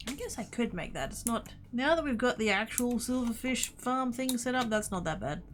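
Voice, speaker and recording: A woman streaming a game, chatting casually and muttering to herself as she plays, easily excited. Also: fairly high pitch, normal speed. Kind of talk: casual gaming livestream chat.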